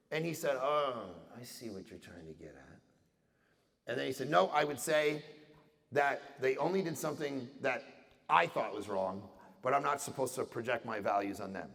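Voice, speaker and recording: A middle-aged man from Canada giving an animated talk to an audience, acting out voices in his stories. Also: medium pitch, moderate pace, creaky. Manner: animated storytelling with acted-out voices and jokes. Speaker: conference speaker. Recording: reverberant hall sound.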